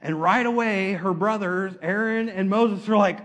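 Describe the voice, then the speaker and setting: A man preaching a sermon, retelling stories in a lively, casual way and acting out the quotes. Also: high-pitched, a little slow, few pauses.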